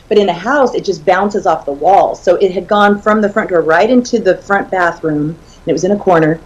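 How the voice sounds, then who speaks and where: A woman in her fifties tells a story as a guest on an interview show. Her delivery is animated, and she breaks into laughter often. The audio sounds slightly muffled. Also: medium pitch. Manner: animated, laughs often while telling stories. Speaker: author and guest.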